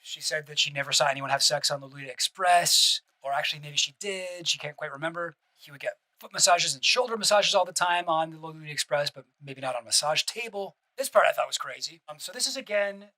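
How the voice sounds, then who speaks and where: A man's voice: fairly high pitch, quick pace, few pauses, bright, forceful tone, rough recording. A man streaming casual reaction commentary, rambling with restarts and asides and swearing bluntly.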